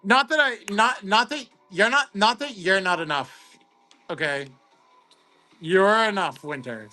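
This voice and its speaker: Excitable high-voiced male streamer. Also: a little slow, faint music behind. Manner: excitable, chatty, greets viewers by name. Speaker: host of a card-opening livestream. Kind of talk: casual livestream chat.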